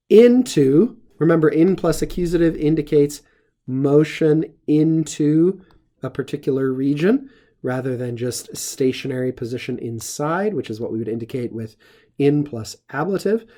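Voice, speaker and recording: A middle-aged man teaching Latin, explaining grammar step by step in a measured lesson. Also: medium pitch, warm tone.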